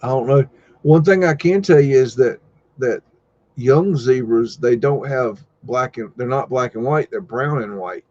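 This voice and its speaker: A man hosts a live stream, talking in a loose, rambling way and tossing out jokes and loud exclamations. His voice sits at a medium pitch. The recording sounds a little dull and lo-fi. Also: a little slow, no room sound. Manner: rambling, joking, easygoing asides and loud exclamations. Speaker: host. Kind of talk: casual live-stream commentary over old photos.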